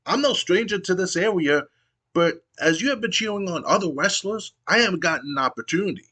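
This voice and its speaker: Man reading as a needy brash male wrestler, whiny, pitched up high, loud and insistent. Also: lively intonation, fairly quick, full character voice. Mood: indignant. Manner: whiny, demanding.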